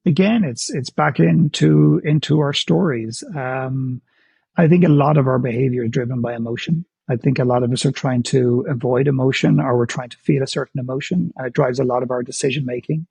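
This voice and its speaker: A man's voice: mid-range voice, fairly quick, vocal fry, darkish tone, husky, no room sound. A man who is a guest on an interview show, talking candidly in a blunt, emphatic way and often stammering as he restarts his sentences. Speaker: guest, author and speaker.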